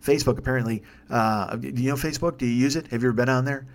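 Man, podcast host, quick delivery, profane, sarcastic, rambling monologue. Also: mid-range voice. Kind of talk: solo comedic rant. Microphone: desk microphone.

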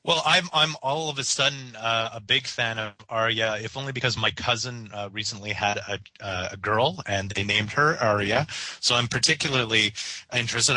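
A man co-hosting a casual TV discussion, chatty and halting, with many fillers and restarts. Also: medium pitch, bright, forceful tone, breathy edge, no echo, poor audio. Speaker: podcast co-host.

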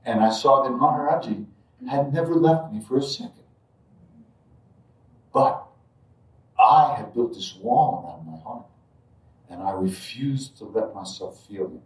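A man telling a personal spiritual story to an audience in a reflective, halting way, with frequent asides. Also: mid-range voice, a little mellow. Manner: reflective, halting, many asides like "you know" and "right". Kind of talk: live storytelling talk to an audience. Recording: roomy echo, distant mic.

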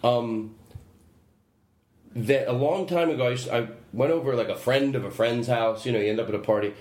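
A podcast host tells rambling stories on his casual show, laughing a lot and interrupting himself, in a medium-pitched, slightly mellow voice at normal speed. He records in a home studio with his dog, where the room is echoey and there's faint noise.

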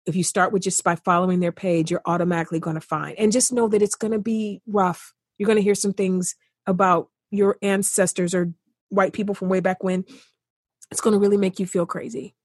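A woman's voice: medium pitch, steady tone, brisk, slightly rough, dry recording, studio quality. A woman guest in an earnest podcast conversation, speaking with passion and repeating phrases for emphasis.

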